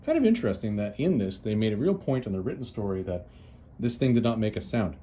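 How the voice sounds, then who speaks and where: A man's voice: lowish voice, big pitch swings, fast, warm tone. A man casually retelling a story as a host, chatty and loose, with lots of "uh"s and restarts. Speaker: comics reviewer, host.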